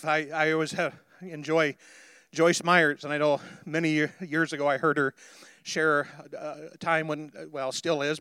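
A man's voice: on the high side, a bit bright, no room sound, clean studio sound. A male pastor preaching a sermon in a conversational way that builds to emphatic declarations.

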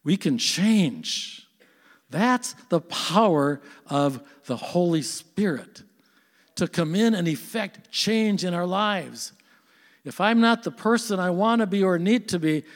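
Older male pastor preaching in a hall. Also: fairly high pitch. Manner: earnest, conversational preaching with rhetorical questions. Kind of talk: sermon.

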